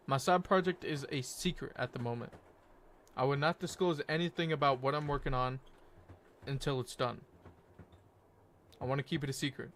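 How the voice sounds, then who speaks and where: A man's voice: mid-range voice, brisk, pauses often, a bit bright, a little hiss or hum. Laid-back young man streamer. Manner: rambling and laid-back, many fillers and self-corrections. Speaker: game streamer. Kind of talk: casual stream chat.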